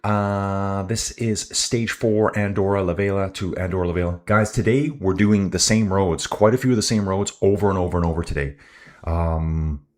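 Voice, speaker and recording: A man's voice: deep voice, steady tone, normal speed, a little mellow. A man hosting a live cycling stream, giving chatty commentary and ranting about the race to his viewers.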